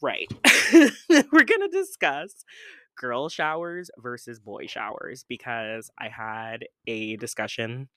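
A young woman hosting a casual podcast from home, chatting in a playful, rambling way with sudden loud jumps in pitch. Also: dry recording, studio quality. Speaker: podcast host. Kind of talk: casual solo podcast chat.

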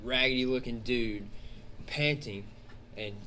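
A man narrating a tabletop game at an unhurried pace, dropping jokes and laughing as he describes scenes. A faint hiss sits under his voice. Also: medium pitch, bright, forceful tone. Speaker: game master.

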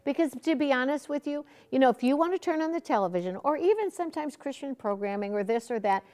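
A woman's voice: high-pitched, animated, fast talker. A middle-aged woman hosting a podcast interview, telling stories in an earnest, conversational way. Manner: earnest storytelling, warm laughs between thoughts. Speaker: podcast host.

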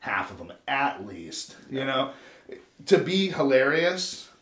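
A man's voice: medium pitch, sing-song, takes it slowly, a bit bright. Profane rambling man in a roomy space. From Los Angeles, USA. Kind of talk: casual chat. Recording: roomy echo.

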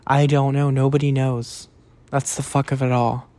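A man's voice: medium pitch, little pitch movement, moderate pace, darkish tone. A young man hosting his own podcast, rambling casually with stammered restarts, self-deprecating asides and frequent cursing. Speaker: podcast host. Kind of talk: rambling solo podcast chat.

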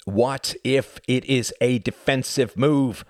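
A man voicing a heated, defiant man in an audiobook, loud and indignant. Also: medium pitch, takes it slowly, dry recording, studio quality, pitched above the performer's own voice, natural voice. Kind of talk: audiobook character reading.

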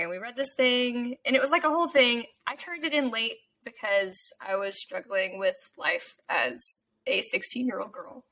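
A woman's voice: on the high side, pushed and bright. A woman, telling stories in casual podcast chat as a co-host. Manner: chatty, enthusiastic storyteller.

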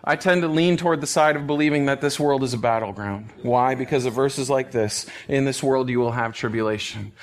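A man preaching as a pastor, reading scripture and explaining it in an earnest, emphatic way, sometimes dropping to a hush or laughing softly. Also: medium pitch, a little fast, few pauses. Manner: earnest, emphatic, with soft laughs and hushed phrases. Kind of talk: expository Bible teaching.

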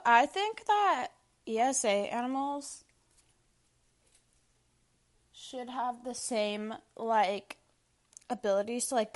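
A young woman hosting a casual monologue of opinions, blunt and profane, filling nearly every phrase with "like". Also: on the high side. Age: young adult. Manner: blunt, profane, filler-heavy with constant "like". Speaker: podcast host. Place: Washington State.

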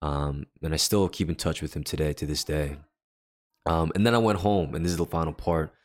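A man's voice: rumbling low, steady tone, a little fast. A man co-hosting a faith podcast, earnestly telling a personal story in casual chat and acting out what others said. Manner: earnest, acts out quoted dialogue. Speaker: podcast co-host.

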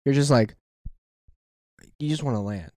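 A man's voice: mid-range voice, unhurried, darkish tone, dry recording, clean studio sound. A young man co-hosting a podcast, chatting in a laid-back, joking way. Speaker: podcast co-host. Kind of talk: casual chat.

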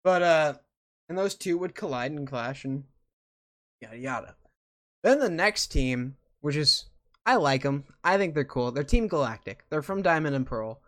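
Casual host, rambling and eager, lots of ums, middle pitch. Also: expressive, normal speed, a bit bright. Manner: rambling and enthusiastic, with many fillers. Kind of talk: casual chat about video games.

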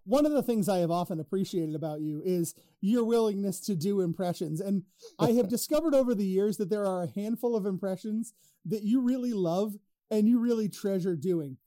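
A man's voice: high voice, a little fast, mellow, no echo. A man co-hosting a podcast in casual, profane banter, arguing and laughing, close on the mic. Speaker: podcast co-host.

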